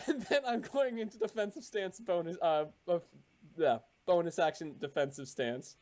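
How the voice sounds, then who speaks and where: A man playing a tabletop game who swears freely and thinks out loud about his moves. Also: high-pitched, moderate pace. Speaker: player. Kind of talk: casual tabletop game play.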